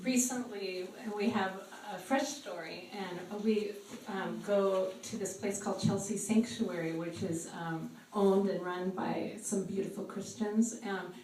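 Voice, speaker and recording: A woman sharing a live church testimony with a group, talking haltingly with frequent ums. She is recorded on a phone from across the room. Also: mid-range voice, fairly even intonation, darkish tone, slight background noise. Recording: echoey room, distant phone mic.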